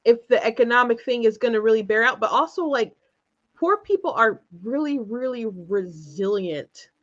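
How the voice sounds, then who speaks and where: A woman hosting a casual interview, her voice sitting a little high. She rambles and restarts her sentences and breaks into laughter as she goes. The audio is slightly dull and lo-fi. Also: expressive, moderate pace. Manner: rambling, hesitant storytelling with laughter. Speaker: show host.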